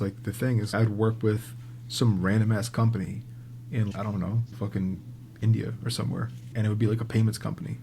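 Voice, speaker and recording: A man guest on a podcast, telling a casual, animated story and swearing freely. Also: lowish voice, vocal fry, a little hiss or hum. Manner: animated, swears freely, acts out quoted people.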